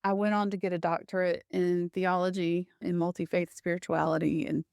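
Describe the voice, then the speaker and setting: A middle-aged woman telling a personal story as a guest, animated and laughing often, with many restarts. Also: lowish voice, brisk, clear, resonant tone, dry recording, studio quality.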